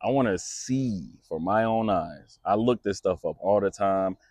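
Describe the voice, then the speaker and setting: Low-voiced male podcast host, loose and rambling, dry studio sound. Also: a little slow, a little mellow, no room sound. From United States. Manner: rambling, many restarts, laughs at own jokes. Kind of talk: casual chat.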